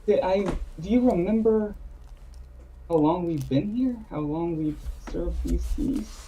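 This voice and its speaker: A man's voice: sits high, a little slow, dark tone, slight background noise, pitched above the performer's own voice, rough recording. A man playing a confused old tea shop keeper. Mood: bewildered.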